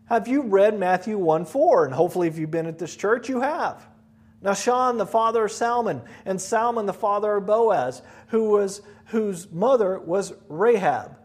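Male pastor, high-pitched, lively storyteller sermon. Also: normal speed, breathy edge. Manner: animated storytelling, acts out voices.

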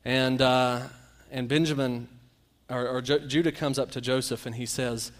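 A man's voice: mid-range voice, moderate pace. Man preaching a storytelling sermon. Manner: storytelling, animated, acts out quotes.

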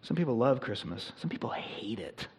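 A man's voice: medium pitch, very animated, moderate pace, husky, whispered. A man preaching a sermon to his congregation in a church, in an earnest, conversational manner that builds in intensity. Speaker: pastor. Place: church sanctuary.

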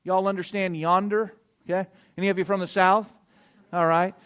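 Emphatic preacher, man, fairly high voice. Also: little pitch movement, moderate pace, clean tone. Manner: emphatic, swings between loud stresses and quiet asides, checks in with listeners. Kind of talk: sermon with scripture reading.

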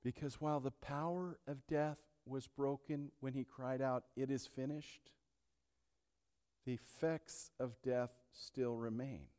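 A male pastor preaching an impassioned sermon, swinging between hushed and loud delivery. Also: mid-range voice, steady tone, slow pace. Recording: long hall reverb.

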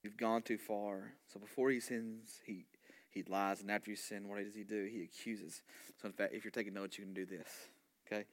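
A male pastor preaching a sermon in an animated way, often restarting phrases and asking his congregation questions. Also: fairly low pitch, a little fast. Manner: animated, with frequent restarts and repeated words; asks the congregation rhetorical questions and call-and-response.

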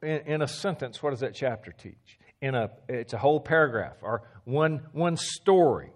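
A man preaching a teaching sermon in a mid-pitched voice. He leans hard on repeated phrases and falls to a quiet hush to drive points home. Now and then he stammers or restarts a word. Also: animated, normal speed. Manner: emphatic, repeats key phrases, drops to a low hush for stress.

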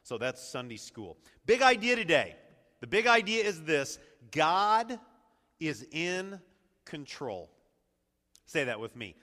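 A middle-aged man preaching a sermon as pastor, energetic and leading the congregation in call-and-response, recorded in a church sanctuary. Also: a little high, normal speed. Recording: echoey hall reverb.

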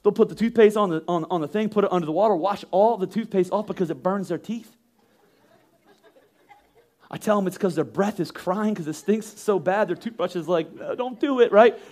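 A man's voice: sits high, brisk, darkish tone. A man in his thirties preaching a sermon, emphatic and rhetorical, often acting out the voices of the people he quotes. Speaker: pastor.

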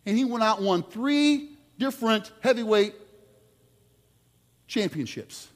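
A man preaching a sermon, telling sports stories with lively swings between loud outbursts and quiet asides. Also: sits high, measured pace, in a large hall.

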